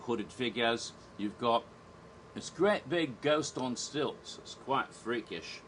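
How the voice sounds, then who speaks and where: A man reviewing in a casual, rambling way, his voice bright and forward with a sharp edge. He talks like a friend catching up, full of restarts and small laughs. His pitch sits in an ordinary middle range. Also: lively intonation, takes it slowly, a little hiss or hum, low-quality recording. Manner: chatty, rambling, with restarts and chuckles. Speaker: theme park reviewer.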